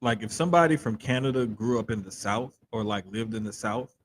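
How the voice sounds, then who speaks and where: A man co-hosting a podcast in casual chat, talking in an animated, emphatic way and keeping his accent in check the way broadcasters do. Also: medium pitch, slight background noise. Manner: animated, drawn-out emphatic storytelling. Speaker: podcast co-host.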